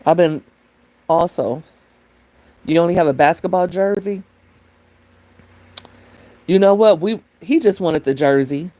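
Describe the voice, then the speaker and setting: A woman hosts a laid-back livestream and talks straight to her viewers in a mellow, warm voice. She rambles from one thought to the next and reads comments from the chat aloud. She is talking into a phone. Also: on the low side, unhurried, long pauses, no room sound. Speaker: livestream host.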